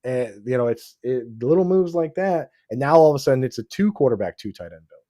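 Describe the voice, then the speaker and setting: An excitable man talks through a casual fantasy football chat with a warm, mellow voice. He restarts his sentences a lot and throws in dude and bro. The sound is dry and close. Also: mid-range voice, a little fast, no echo. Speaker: podcast host.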